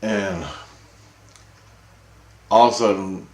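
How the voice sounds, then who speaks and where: A man's voice: fairly low pitch, steady tone, takes it slowly, a little mellow. A man telling a long, rambling story in casual, profane speech, often checking in with "right?". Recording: roomy echo.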